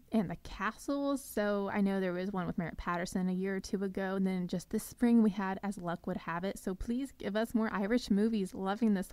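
A woman's voice: medium pitch, warm tone, no echo. A young woman hosting a podcast, gushing with enthusiasm as she delivers a scripted recap monologue. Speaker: podcast host.

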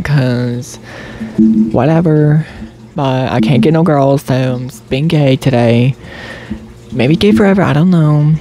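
A man's voice: on the high side, warm tone. A man delivering a comedic parody monologue in an exaggerated, affected put-on voice, swearing constantly.

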